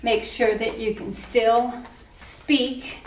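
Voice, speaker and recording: A woman's voice: a little high, steady tone, extremely slow, slight background noise. Encouraging woman fitness instructor, echoey room. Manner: encouraging, counts reps aloud, cheers on the last reps. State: a little out of breath. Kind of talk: guided exercise class instruction. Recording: echoey room, mic at a distance.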